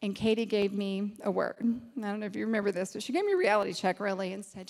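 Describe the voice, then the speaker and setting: A woman's voice: mid-range voice, fast, few pauses, darkish tone. A woman, a ministry leader giving an emotional testimony to a church gathering, laughing often as she talks. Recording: long reverb of a hall.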